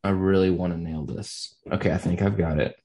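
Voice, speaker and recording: A man co-hosting a casual podcast, animated and laughing into his own jokes. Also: deep voice, brisk. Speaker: podcast co-host.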